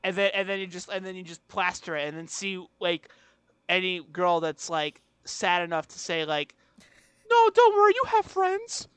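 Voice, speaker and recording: Young dude rambling crude stories on a podcast, mocks himself, dry sound. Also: male voice, high-pitched, level tone, moderate pace, pushed and bright, clear, resonant tone, no room sound. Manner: rambling, crude, self-mocking, laughs through his stories. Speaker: podcast co-host. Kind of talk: casual chat.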